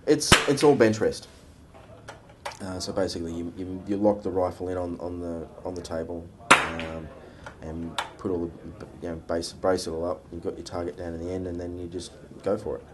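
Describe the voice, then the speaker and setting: An Australian man talking in a documentary interview, relaxed and reflective with wry humour. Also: sits low, moderate pace, very noisy.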